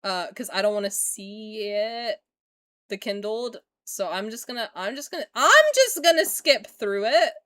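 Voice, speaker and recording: A young woman streaming a casual reaction to a game trailer, excitable and loud and swearing freely, talking into a desk mic. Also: on the high side, a little slow. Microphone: desk mic while seated at a computer.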